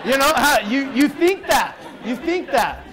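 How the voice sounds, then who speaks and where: A man's voice: very high voice, very animated, a little slow, fairly bright tone, a faint crowd, low-quality recording. A man speaking as a guest to a live group, giving an earnest, emphatic motivational talk full of restarts and direct questions to the audience. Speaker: guest speaker addressing a weight-loss group.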